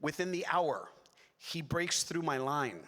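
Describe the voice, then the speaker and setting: Excitable man telling stories in an echoey hall. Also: fairly high pitch, measured pace. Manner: rambling and excitable, with many restarts and asides to the audience. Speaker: voice actor guest on a convention panel. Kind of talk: animated storytelling on a convention stage. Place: large convention hall. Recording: echoey hall with long reverb.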